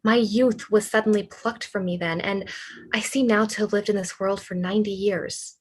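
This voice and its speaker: A woman's voice: medium pitch, steady tone, normal speed, slight background noise, close to an everyday voice. A woman reading the part of a despairing, lovesick young male writer in a cold reading over a video call, with earnest, pleading delivery. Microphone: computer mic on a video call.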